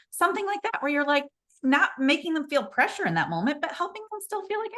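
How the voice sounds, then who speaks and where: A woman hosting a casual sales coaching chat, lively and acting out quoted phrases. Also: high voice, quick pace.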